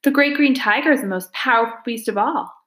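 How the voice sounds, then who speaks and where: A woman's voice: fairly high pitch, a little fast, fairly bright tone, echoey room, voice pushed up, close to an everyday voice. A woman doing a small earnest boy. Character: small brave boy defending the great tiger.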